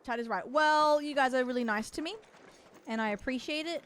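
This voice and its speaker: A young woman streams a game and chats casually with her viewers, reacting out loud and swearing now and then. Her voice sits high and she talks briskly.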